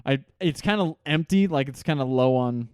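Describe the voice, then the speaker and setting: Smooth-voiced laughing young podcast host. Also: male voice, mid-range voice, normal speed, no echo, clean studio sound. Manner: laughs often, animated storytelling. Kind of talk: casual chat.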